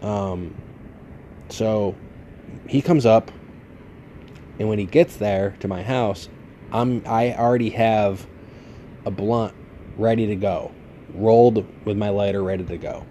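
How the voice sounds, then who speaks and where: Male podcast host, late 20s, low mellow voice, loose profane storyteller. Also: slow, pauses often, a little hiss or hum. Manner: rambling, profane, laid-back. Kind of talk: casual storytelling monologue.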